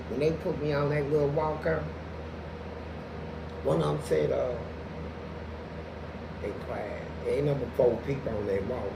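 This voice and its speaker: A man guesting on a podcast, telling profane prison stories in an animated way and jumping into loud acted-out quotes. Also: medium pitch. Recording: echoey room with background noise.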